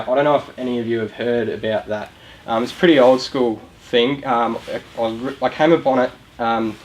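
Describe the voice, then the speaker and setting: A man's voice: mid-range voice, rough recording. A young Australian man giving a casual motivational talk to a young audience, chatty and asking them questions. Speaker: youth charity speaker. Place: room with a live audience.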